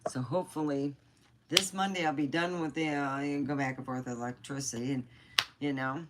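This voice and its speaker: A woman's voice: very deep voice, steady tone, moderate pace, very noisy. A middle-aged woman chatting casually on a livestream, rambling and candid, swearing freely. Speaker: livestream host.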